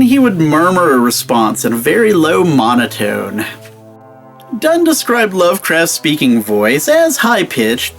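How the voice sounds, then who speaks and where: Animated male host narrating over music. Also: fairly high pitch. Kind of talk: scripted narration.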